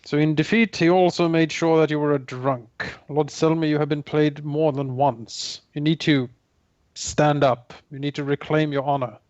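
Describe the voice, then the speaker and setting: A man's voice: fairly high pitch, steady tone, normal speed, a little mellow, no echo, muffled recording. A man playing a tabletop role-playing game, speaking in character in an earnest, persuasive way. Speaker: player.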